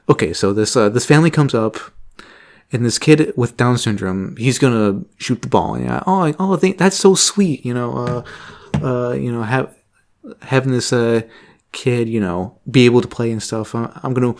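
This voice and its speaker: A young man casually telling a story about a job, animated, laughing often and swearing freely. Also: medium pitch. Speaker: vlogger.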